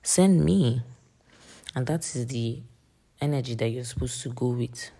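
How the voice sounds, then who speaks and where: A young woman in her late teens talks through a faith podcast monologue. Her voice is dark and husky with a gravelly edge. She stays earnest and rambling, full of fillers. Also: very deep voice, fairly even intonation, moderate pace. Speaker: podcast host.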